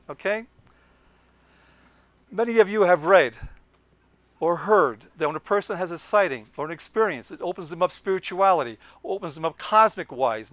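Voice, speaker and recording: A man's voice: on the high side, fairly bright tone, dry recording. Older New man telling stories. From Brooklyn, New York. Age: 70s. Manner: anecdotal, leans in on quoted lines. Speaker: lecturer. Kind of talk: storytelling lecture.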